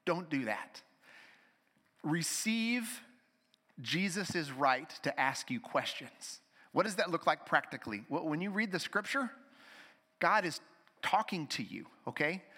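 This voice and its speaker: A male pastor preaching a sermon in a church sanctuary. His voice sits a little high and rings bright. He drives his points hard, then drops to slow, hushed phrases, and long reverb trails every line. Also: sing-song, breathy edge. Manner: preaching with sweeping dynamics, from loud emphatic to hushed and slow.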